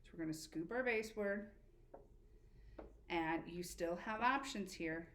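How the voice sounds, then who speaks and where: A woman teacher giving a spelling lesson to children, patient and encouraging, slowly spelling letters out. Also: lowish voice, fairly bright tone. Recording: echoey room with faint background noise.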